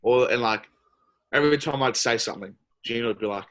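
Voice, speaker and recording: A man's voice: medium pitch, fairly quick, a bit bright. A man in his twenties with an Australian accent, a guest on a podcast who tells stories in an easygoing way with lots of fillers. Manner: easygoing storytelling with frequent "like" fillers. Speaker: basketball player, podcast guest. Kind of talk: casual interview chat.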